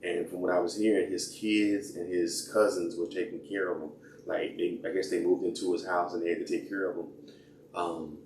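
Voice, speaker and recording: Deep-voiced man rambling in an echoey room. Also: level tone, moderate pace, a little mellow. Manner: rambling, hesitant, many fillers and restarts. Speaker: podcast host. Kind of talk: casual solo podcast talk. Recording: echoey room, mic at a distance, faint noise.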